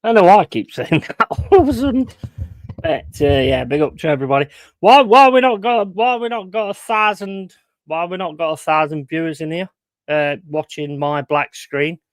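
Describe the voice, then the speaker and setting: A man's voice: on the high side, normal speed, no echo. Joking man chatting to his stream. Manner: rambling, jokey banter with chat, swears casually. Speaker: livestream host. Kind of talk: casual livestream chat.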